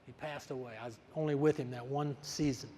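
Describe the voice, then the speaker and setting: An older man who coaches wrestling tells stories in a speech delivered briskly in a medium-pitched voice. Recorded in a large, echoing conference hall, he animatedly acts out the dialogue.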